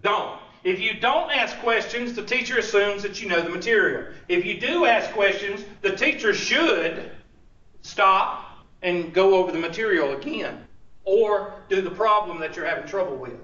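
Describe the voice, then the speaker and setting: Heard through a distant mic, a college instructor with a high, expressive voice and sharp tone talks at normal speed. He mocks gently and leans on sarcasm and rhetorical questions throughout his lecture, and the large classroom makes the sound dull and echoey.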